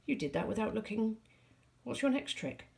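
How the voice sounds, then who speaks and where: A woman's voice: on the high side, lively intonation, moderate pace, vocal fry, pitched above the performer's own voice. A woman voicing a jolly, teasing middle-aged father in a storybook. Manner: cheerful, joking.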